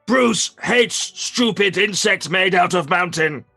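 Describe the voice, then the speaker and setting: A man's voice: a little high, animated, normal speed, pushed and bright, faint music behind. A man doing a blunt brutish warrior. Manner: simple broken speech, blustering. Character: Bruce, brutish male warrior who talks of himself in third person.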